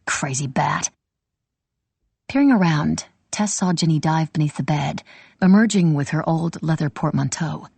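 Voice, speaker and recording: A woman reading a historical novel aloud as an audiobook narrator, steady and measured. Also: sits low, creaky, breathy edge, no room sound.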